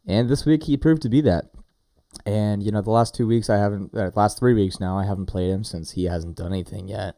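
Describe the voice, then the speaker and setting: Low, mellow-voiced man chatting fantasy football. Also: a little fast, dry recording, clean studio sound. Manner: animated, talks with friendly slang. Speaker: fantasy football podcast co-host. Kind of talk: casual sports chat.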